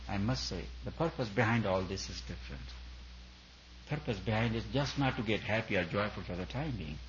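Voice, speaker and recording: A man's voice: on the low side, fairly bright tone, dull audio, slight background noise. A man, a spiritual teacher, giving an earnest discourse at a retreat, building his points through repeated emphatic phrases.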